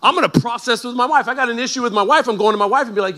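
A male pastor preaching a sermon in a conversational, animated way that builds to emphatic peaks. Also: extremely high pitch, very fast, hardly any pauses.

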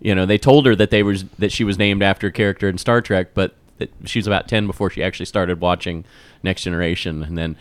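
Male co-host, deeper smooth voice, halting conversational delivery. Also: fairly even intonation, no echo. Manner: hesitant, many fillers. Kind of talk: casual chat, storytelling.

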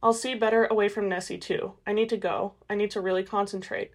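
A woman's voice: medium pitch, steady tone, lightly acted. A woman voicing an urgent, trance-prone female vampire seer in an audiobook. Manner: quick, tense, distracted.

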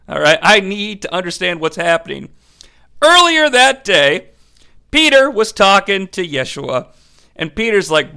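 A man's voice: high-pitched, sing-song, a little slow, gravelly, pushed and bright, clean tone. A man giving an irreverent, crude, joking recap of a movie as host of a review show.

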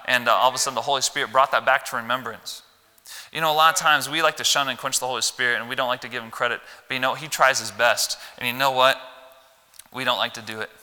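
Man preaching, Midwestern accent, very bright smooth voice, long church reverb. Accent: Midwestern American. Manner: animated, folksy, swings from loud emphasis to low asides. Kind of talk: Wednesday church sermon. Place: church sanctuary.

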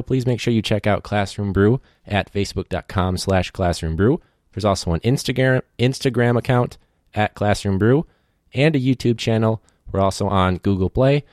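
Low-voiced young man hosting a podcast. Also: darkish tone, dry recording, clean studio sound. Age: 20s. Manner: chatty and loose, with many fillers. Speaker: podcast host and teacher. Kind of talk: casual podcast chat.

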